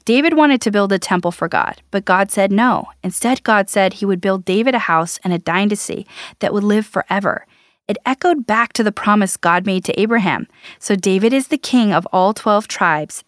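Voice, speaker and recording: A woman's voice: medium pitch, no room sound. Earnest woman reading scripture, dry sound. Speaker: Bible reading podcast host. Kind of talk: scripture reading and devotional commentary.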